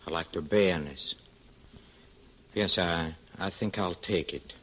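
A very low, deep male voice: a secretive, severe lodger in an old-time radio play. He speaks haltingly, stammering over his words, then turns cold and sharp.

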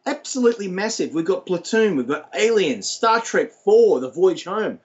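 A man's voice: high-pitched, normal speed. Chatty Australian man, lo-fi call. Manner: animated, slangy, playful. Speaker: podcast guest. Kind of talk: casual chat.

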